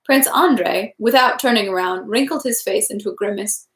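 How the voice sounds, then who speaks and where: A woman's voice: mid-range voice, normal speed. Woman reading a novel aloud, echoey. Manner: careful, stumbles over French words. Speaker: reader. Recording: echoey room.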